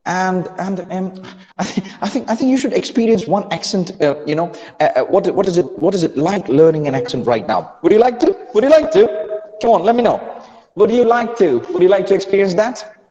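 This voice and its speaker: A man's voice: high voice, normal speed, long reverb tail, highs cut off. A man teaching pronunciation in an online lesson, coaxing his students and often restarting his sentences. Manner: animated, coaxing, with repeated restarts. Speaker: accent and pronunciation trainer.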